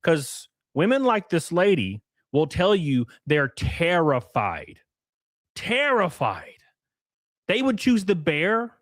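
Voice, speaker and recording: Brief: male live-stream host, higher voice, very animated, sarcastic and profane, dry close mic. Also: dry recording. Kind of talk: casual live stream commentary.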